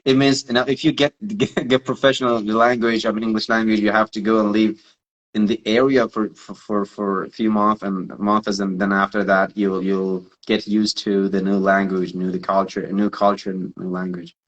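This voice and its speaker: A man's voice: on the low side, level tone, normal speed, highs cut off. A man from Iran, chatting as a guest and often repeating words as he searches for them. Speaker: guest, English teacher. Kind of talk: casual conversation.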